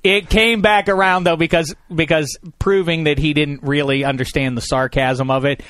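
A man in his thirties hosting a radio talk show, telling a story in a lively, sarcastic way. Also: a little high, normal speed, clear, resonant tone, no echo. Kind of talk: casual storytelling chat.

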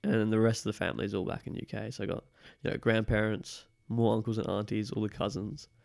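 On a podcast, a young male guest talks fast in a loose, rambling chat packed with fillers. His accent blends British and Australian, his voice is a bit low and gravelly, and the sound is close and dry.

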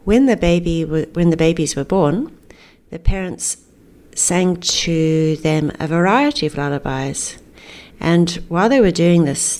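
A woman teaching parents a lullaby, explaining calmly and singing the lines for them to repeat. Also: deep voice. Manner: gentle, unhurried, sings lines then invites singing along.

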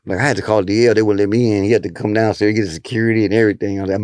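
A man's voice: racing, hardly any pauses, darkish tone, no echo, clean studio sound. A comedian telling stories in casual chat, acting out the people he quotes. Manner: storytelling, acting out quotes with shifting pitch.

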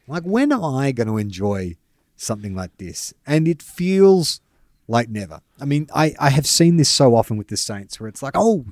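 A young Australian man co-hosting a loose sports podcast, his voice sitting fairly low. He pokes fun at himself, laughs easily and trails off into fillers. The sound is close and dry. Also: darkish tone, no echo. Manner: self-mocking, laughs often, trails off with fillers. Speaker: podcast co-host. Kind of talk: casual sports chat.

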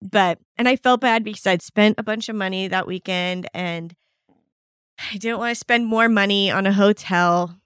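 A woman's voice: mid-range voice, moderate pace, a bit bright, clean tone, dry recording, studio quality. A woman co-hosting a podcast, telling a story in a casual, chatty way and laughing often. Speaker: podcast co-host.

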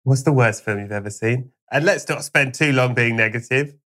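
A man's voice: mid-range voice, normal speed, fairly bright tone. Wry male podcast host. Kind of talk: casual interview chat.

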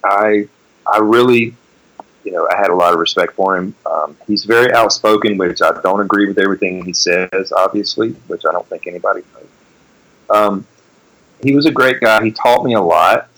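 A man in his forties, a guest in a casual interview, telling animated road stories and swearing freely. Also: on the low side, normal speed, rough recording. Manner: animated storyteller, swears freely, acts out quotes.

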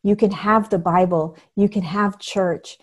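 A woman's voice: medium pitch, steady tone, unhurried. A woman guest speaking earnestly and emphatically in casual conversation as a spiritual teacher, often acting out what people say. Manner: earnest, emphatic, acts out quotes.

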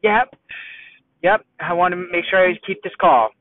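A man's voice: high-pitched, a little slow, dry recording. A man doing a cheerful, breathless, determined student. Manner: upbeat, steady, a bit breathless. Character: determined male student just out of surgery. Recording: tinny phone-like dry sound.

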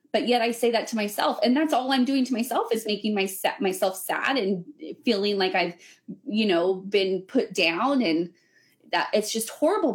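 A young adult woman, a weightlifting coach, talking earnestly and rambling with lots of fillers in a casual podcast chat. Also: medium pitch. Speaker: weightlifting coach running women's camps.

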